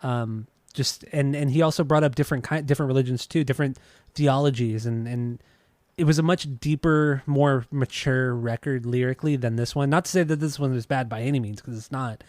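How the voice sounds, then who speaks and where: A man co-hosts a casual music podcast, laid-back and teasing, often stumbling and restarting. His voice sits in a middle pitch. The recording is close and dry. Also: a little fast, few pauses, a little mellow, no echo. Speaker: podcast co-host. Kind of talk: casual chat about music.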